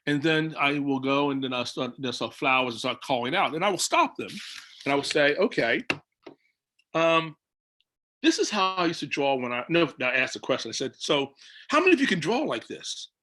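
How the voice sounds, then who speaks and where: A man's voice: mid-range voice, moderate pace. A man, a children's book illustrator, telling stories on a video call and acting out his own lines. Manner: animated storytelling, acts out his own quoted lines. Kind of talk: casual talk on a video call panel.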